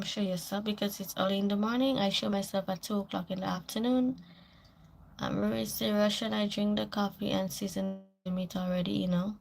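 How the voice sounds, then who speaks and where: A woman's voice: medium pitch, creaky, a little mellow, a little hiss or hum. A woman with a Caribbean accent hosting a casual morning livestream, chatting away as she reads viewer comments aloud and answers them. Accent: Caribbean English. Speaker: livestream host.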